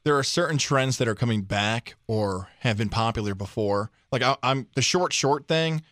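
A man's voice: medium pitch, moderate pace, fairly bright tone, dry recording, studio quality. A man hosting a sports radio show, talking in a casual, opinionated way and steering the segment.

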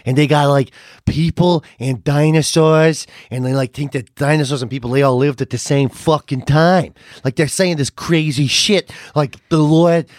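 A man's voice: a little high, fairly even intonation, moderate pace, a little mellow, dry recording, clean studio sound, pitched below the performer's own voice, lightly acted. An Irish man putting on a crude, swearing American comedian who tells outrageous stories and gets exasperated. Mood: incredulous. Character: brash American male comedian, crude storyteller.

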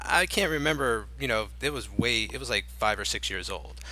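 A man's voice: medium pitch, lively intonation, a little fast, sharp tone, rough recording. A man co-hosting a podcast, chatting casually and rambling with lots of filler words. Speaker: podcast co-host. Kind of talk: casual chat.

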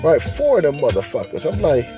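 A man's voice: fairly high pitch, huge pitch swings, brisk, music in the background. A man hosting a podcast, telling a crude, rambling comic rant and rapping over a beat. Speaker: podcast host. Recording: hip hop beat playing behind.

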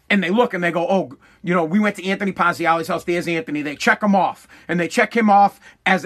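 A man, hosting a casual rant monologue in a profane, animated way, repeating himself as he goes. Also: high-pitched. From Massachusetts.

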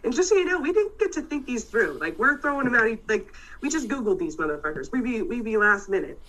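A woman co-hosting a podcast live, a mom talking loudly and crudely with plenty of swearing and laughter. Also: on the high side, very animated, fast, poor audio. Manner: loud, profane, laughing. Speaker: podcast co-host. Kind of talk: casual live-stream chat.

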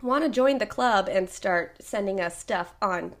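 A woman in her thirties co-hosts a podcast, chatting casually, rambling and laughing often while she recovers from a cold. Her medium-pitched voice is unhurried and a bit bright.

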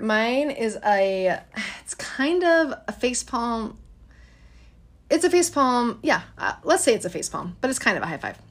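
Woman in her thirties, bright higher pitch, chatty and animated storyteller. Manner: chatty, animated, addresses listeners as guys. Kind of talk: casual chat storytelling.

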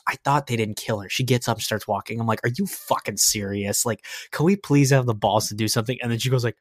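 A man's voice: fairly low pitch, no echo, clean studio sound. A man co-hosting a podcast, chatting casually about a film with a laid-back, griping manner and casual swearing. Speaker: podcast co-host. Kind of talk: casual movie review chat.

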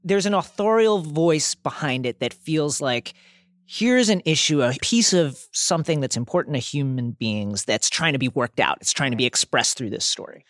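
A man co-hosting a podcast, talking about a series with emphatic, animated delivery and reading quotes aloud. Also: on the high side, moderate pace, no room sound, studio quality. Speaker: podcast co-host. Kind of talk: casual pop-culture discussion.

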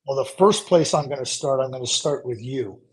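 A man's voice: mid-range voice, fairly quick. A middle-aged man, a hockey analyst guest giving emphatic, opinionated sports talk and repeating words when he presses a point. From Canada.

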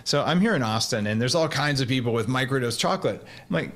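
A man talking as a guest expert in a casual interview, explaining things quickly with animated asides and jokes at his own expense. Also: medium pitch. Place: Austin.

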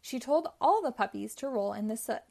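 A woman reads a children's storybook aloud in a clear, expressive telling. Her voice is fairly high. Its melody rises and falls in a lively, animated way. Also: fairly quick. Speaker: storybook reader.

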